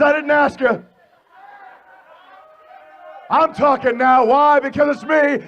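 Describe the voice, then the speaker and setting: A man cutting a wrestling promo, brash and taunting, shouting insults at the crowd. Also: very high-pitched, fairly even intonation, a little slow, pauses often, muffled recording. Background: arena crowd.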